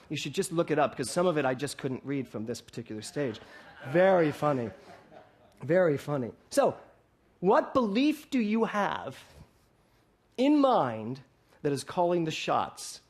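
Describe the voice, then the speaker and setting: A man's voice: on the high side, sing-song, moderate pace. A man preaching to a congregation on a stage mic, telling stories with humor and acting out the dialogue. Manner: playful storytelling, acting out dialogue. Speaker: minister. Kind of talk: sermon. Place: hall, before a congregation.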